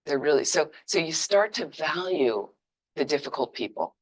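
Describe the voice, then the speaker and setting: A woman giving an informal, conversational dharma teaching with emphatic, lively asides. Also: low-pitched, normal speed. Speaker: Buddhist teacher.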